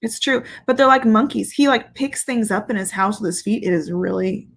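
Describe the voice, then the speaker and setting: Gravelly, candid woman chatting on a livestream. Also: medium pitch, normal speed. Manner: candid and playful, swears freely, laughs often. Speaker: fragrance reviewer and host. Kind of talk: casual livestream chat, reading viewer comments.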